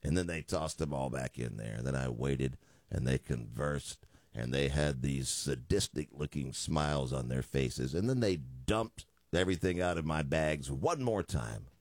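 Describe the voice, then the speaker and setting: A man's voice: extremely low pitch, a little slow, no echo. A man in his fifties, a radio talk show host, telling a joking story in a studio.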